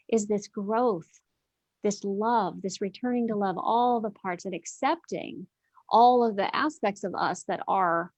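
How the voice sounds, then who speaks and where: Woman, guest on spiritual talk, earnest, repeats herself, dry close sound, mid pitch. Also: darkish tone, no echo. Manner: earnest, repeats phrases for emphasis, many "you know"s. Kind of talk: heartfelt spiritual conversation.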